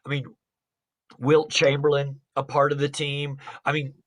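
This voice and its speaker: A man's voice: a little high, monotone, unhurried, fairly bright tone. Enthusiastic male interview host. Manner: enthusiastic, encouraging, many "I mean" fillers. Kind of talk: casual interview.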